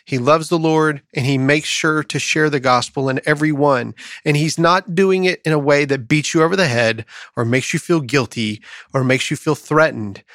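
An upbeat man hosts a podcast, telling jokes and acting out quotes in a lively storyteller way. His voice sits a bit high for a man and sounds close and dry, with little room around it. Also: normal speed, no echo. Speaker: podcast host. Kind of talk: casual chat and joke telling.

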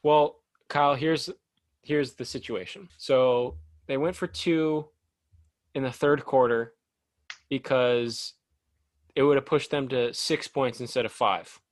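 A young man co-hosting a sports podcast, rambling and animated, with lots of "like". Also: mid-range voice, takes it slowly, dry recording. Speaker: podcast co-host. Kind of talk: casual sports chat.

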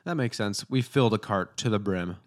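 A man's voice: fairly low pitch, a little fast. Laid-back young man telling a story. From Oregon. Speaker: podcast co-host. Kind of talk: casual chat.

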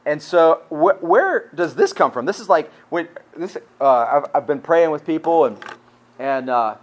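A male pastor gives a conversational sermon, often repeating words and asking rhetorical questions, his volume falling from full to quiet. His voice is a little high with lively intonation, he speaks unhurriedly, and the audio is poor.

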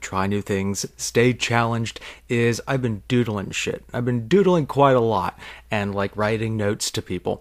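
A man hosting a podcast, telling a workplace story in a rambling, digressive way with wry asides. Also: medium pitch. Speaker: podcast host. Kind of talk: storytelling monologue.

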